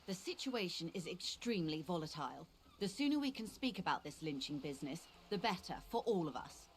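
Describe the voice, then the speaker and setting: A woman's voice: fairly low pitch, very animated, fairly quick, slight background noise. An actress voicing a composed, formal woman negotiator in a video game. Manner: polite, crisp, composed.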